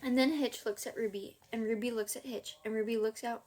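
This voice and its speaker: A woman's voice: on the high side, steady tone, brisk, darkish tone. A woman reading a children's book aloud in a casual way, now and then stopping to chuckle and comment. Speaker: audiobook reader. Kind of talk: amateur audiobook reading.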